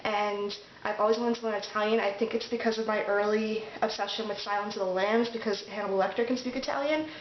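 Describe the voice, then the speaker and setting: A woman's voice: mid-range voice, fairly even intonation, quick pace, hardly any pauses, a little hiss or hum. Chatty young American woman vlogging. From United States. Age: young adult. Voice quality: rambling, many fillers and restarts. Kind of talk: casual chat. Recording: echoey room, dull sound.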